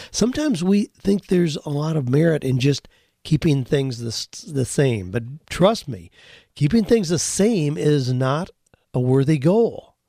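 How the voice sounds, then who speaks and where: This older male podcaster offers advice to listeners in an earnest, encouraging, folksy style, sharing stories as he talks. His voice is medium in pitch and warm in tone. Clean studio sound, no echo.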